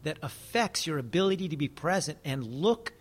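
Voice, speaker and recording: A man's voice: a little high, expressive, normal speed, slightly rough. An American man who talks earnestly in casual conversation, preaching with frequent swearing. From United States. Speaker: guest.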